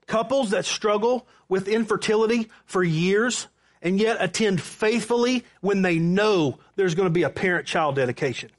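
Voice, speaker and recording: A man's voice: sits high, normal speed. A man preaching a sermon, telling a personal story with quoted back-and-forth dialogue. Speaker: pastor.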